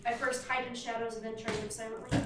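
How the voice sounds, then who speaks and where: A woman's voice: on the high side, flat delivery, fast. Giggly lady player, sounds far off in a really echoey room with noise. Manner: giggly, eager. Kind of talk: casual tabletop game chat.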